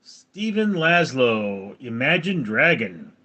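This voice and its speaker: With big pitch swings in a mid-range voice, this Californian man in his forties speaks slowly, sounding pushed and bright, and the recording's highs are cut off. He hosts a casual livestream, reading out comments and answering them dryly.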